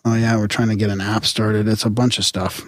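A man's voice: on the low side, little pitch movement, a little fast, no echo. A man co-hosting a podcast, casually reading listener emails aloud with chuckles and restarts. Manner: laid-back, reads aloud with chuckles and restarts.

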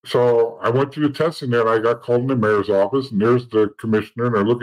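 A man's voice: medium pitch, steady tone, a little fast, hardly any pauses, poor audio. A man telling a story bluntly with lots of swearing, acting out what others said, as an interview guest. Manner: blunt, profane, acts out other people's lines. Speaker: interview guest, former police officer and informant.

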